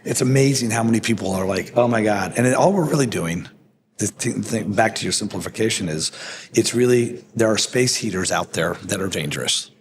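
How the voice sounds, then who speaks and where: Low-voiced plainspoken businessman, noisy room. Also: animated, brisk. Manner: plainspoken, joking, restarts sentences. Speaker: company executive guest. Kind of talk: casual business interview. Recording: noisy background.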